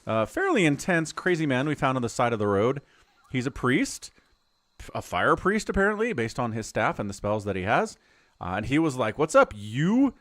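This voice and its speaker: A middle-aged man chatting his way through a game stream, his pitch swinging up and down as he talks. The sound is close and dry, with no room around it. His talk rambles along as he explains what is happening on screen. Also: sing-song, moderate pace, a bit bright, no room sound. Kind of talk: casual live-stream commentary.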